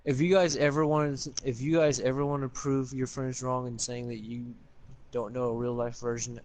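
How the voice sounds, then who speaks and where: A man's voice: mid-range voice, little pitch movement, normal speed, darkish tone. A man hosting a Minecraft video, chatting casually and teasing his partner with jokes and swearing. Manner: teasing, profane, joking. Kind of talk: casual gameplay chat.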